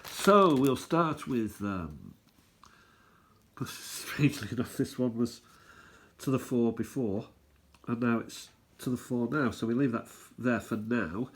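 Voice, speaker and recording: Guy rambling on about his hobby, bit husky, easygoing, thinking out loud. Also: medium pitch, animated, slow pace. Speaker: stamp collecting channel host. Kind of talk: casual show-and-tell chat.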